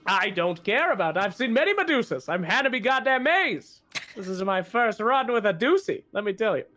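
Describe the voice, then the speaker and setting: Player doing a pompous glory-hound adventurer, bright voice, swoops up and down, slow and showy. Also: medium pitch, big pitch swings, a little hiss or hum. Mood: smug. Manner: pompous, theatrical, bursts into shouts. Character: vain, fame-hungry adventurer parent. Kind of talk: tabletop role-play.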